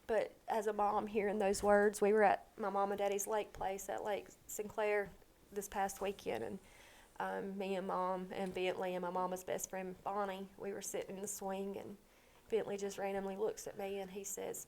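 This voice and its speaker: A woman with a drawl speaks as a podcast guest. She tells a deeply personal story, halting often and leaning on soft fillers as she gathers herself. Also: monotone, vocal fry. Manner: halting, with many pauses and fillers.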